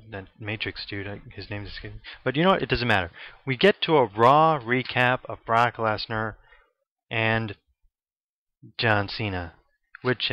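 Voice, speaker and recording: A man giving a casual, rambling spoken review, sarcastic and profane, with quick asides. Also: medium pitch, no room sound, dull audio. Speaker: wrestling show reviewer.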